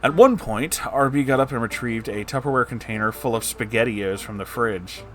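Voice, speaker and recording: A man's voice: mid-range voice, normal speed, fairly bright tone, soft background music. A man reading a story aloud and breaking off for casual, sarcastic, profane asides. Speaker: story narrator.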